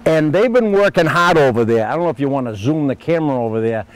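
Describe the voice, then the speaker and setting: Lively man hosting outdoors. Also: fairly high pitch, quick pace, poor audio. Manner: jokey, talks to the goats like workers. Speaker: host of a gardening show. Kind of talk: casual outdoor show hosting. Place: outdoors at a farm field.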